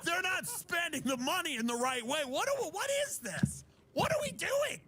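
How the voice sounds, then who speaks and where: A man's voice: very high-pitched, sing-song, normal speed, bright, forceful tone, a little hiss or hum. A man delivering an exasperated, sarcastic comedic rant, acting out others' voices in mocking asides.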